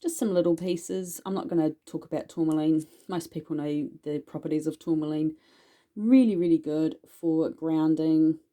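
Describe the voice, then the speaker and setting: A woman's voice: low voice, fairly even intonation, moderate pace, warm tone. A woman chatting casually in a haul vlog about her witchcraft purchases, rambling and self-deprecating as she goes. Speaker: witchcraft vlogger.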